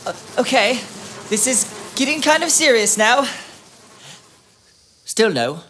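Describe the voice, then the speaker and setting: A man co-hosting a children's church show, jokey and animated in scripted banter. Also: very high voice, slow pace, slight background noise.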